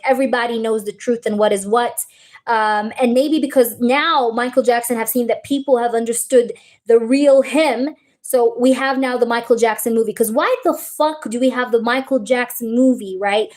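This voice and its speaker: A woman with a high voice hosts a live tarot stream, chatting loosely with her viewers. She rambles through fillers and half-finished thoughts. Her talk turns emotional and teary. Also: darkish tone. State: teary, tearing up. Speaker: tarot reader on a livestream.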